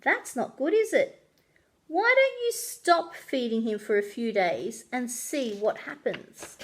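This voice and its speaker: A man's voice: extremely high pitch, very animated, slow pace, heavily acted. A woman reading aloud, voicing a practical uncle who gives plain advice about a pet fish. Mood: teasing. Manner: practical, matter-of-fact advice. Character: helpful adult uncle who knows fish.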